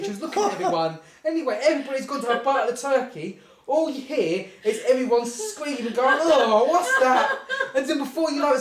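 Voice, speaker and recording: Rambling storyteller in an echoey room. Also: sits high. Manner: rambling, keeps saying "anyway", giggles through the telling. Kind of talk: rambling comic anecdote.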